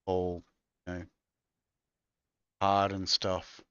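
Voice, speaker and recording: A man with a very low, deep voice chats as co-host in a rambling, crude and laid-back way. The recording is dry and dull, with a lo-fi sound. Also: monotone, extremely slow, a bit bright, smooth, dry recording. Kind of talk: casual chat.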